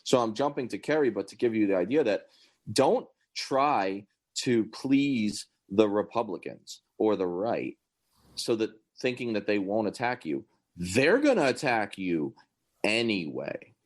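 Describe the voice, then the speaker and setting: Male podcast host with a deep voice, casual commentary, opinionated and sarcastic. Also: big pitch swings, normal speed. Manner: opinionated, rambling, sarcastic asides.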